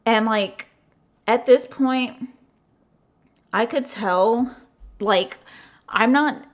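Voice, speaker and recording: A young woman from the United States telling a casual storytime on her channel, animated and swearing freely, acting out the other person's lines and padding her talk with "like". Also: on the high side, very slow. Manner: animated, swearing, acting out quotes, frequent "like" fillers. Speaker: vlogger.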